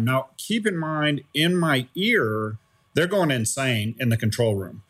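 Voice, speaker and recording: Animated middle-aged man telling a story. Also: mid-range voice, a little slow, slightly rough. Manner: animated, keeps asking "right?". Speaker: former startup CEO, interview guest. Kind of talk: conversational storytelling interview.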